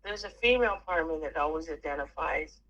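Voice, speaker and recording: A middle-aged woman chatting casually with family, telling stories with lively swings and the odd curse. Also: low-pitched, fast, highs cut off. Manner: animated storyteller who swears freely. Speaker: aunt.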